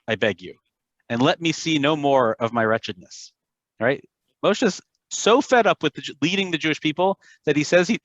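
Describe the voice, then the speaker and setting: A man leading a class, reading scripture aloud and breaking in with animated, casual asides to explain it. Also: fairly high pitch, no echo, highs cut off. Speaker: class facilitator.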